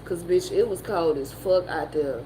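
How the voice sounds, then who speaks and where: A woman with a Southern American accent, telling a story in a profane, animated way and laughing often. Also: on the low side, moderate pace, a little hiss or hum, poor audio. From Southern United States. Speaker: motivational streamer. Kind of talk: casual storytelling chat.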